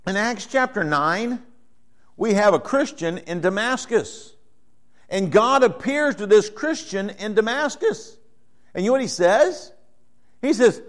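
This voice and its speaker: Middle-aged male pastor, slightly high voice, talky sermon delivery that turns animated when he quotes people. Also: a little slow. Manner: conversational, rising to animated when voicing characters.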